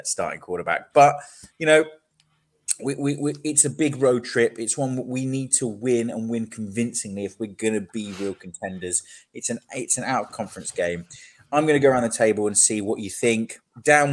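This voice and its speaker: A man hosting a casual sports podcast. He talks with energy and steers the discussion. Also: on the low side. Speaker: podcast host.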